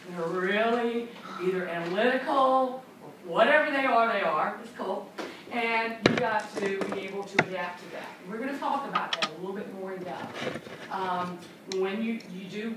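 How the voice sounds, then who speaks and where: A woman trainer leading a classroom training session, upbeat and chatty, acting out little scenes. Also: medium pitch. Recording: echoey room from far off, noisy.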